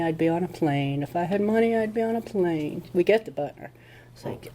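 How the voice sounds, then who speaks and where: A woman's voice: low-pitched, moderate pace, mellow, a little hiss or hum. A woman speaking at a recovery meeting, telling her story in a casual conversational way and acting out what people said. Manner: conversational storytelling with acted-out quotes. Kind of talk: personal testimony talk.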